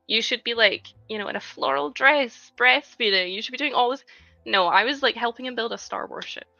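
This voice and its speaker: Woman, thirties, casual live-stream chat, bright gravelly voice, dry dull-sounding audio, faint background music. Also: a little high, a little fast, no room sound. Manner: chatty, reads chat aloud, frequent "like". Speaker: livestreaming LEGO builder.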